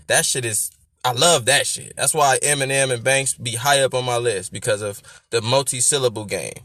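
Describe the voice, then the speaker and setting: A man hosting a rap breakdown, talking casually, laughing loudly and explaining lyrics like a teacher. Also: medium pitch, normal speed, no echo. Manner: repeats lines to stress syllables. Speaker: rap reaction host.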